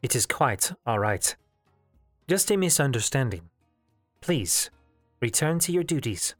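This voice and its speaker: A man voicing a young girl who rules as chieftain, calm and curious, in a lightly raised girlish voice. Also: medium pitch, unhurried, no room sound, clean studio sound, soft background music. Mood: gracious.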